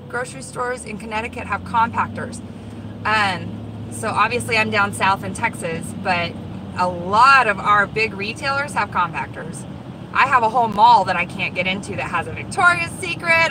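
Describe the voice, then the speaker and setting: Excitable high-voiced woman live-streaming outdoors. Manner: chatty and excitable, talks to viewers. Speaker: vlog host, dumpster diver. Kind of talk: casual live-stream chat. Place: outdoors around store lots and in a car. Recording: loud car and outdoor noise.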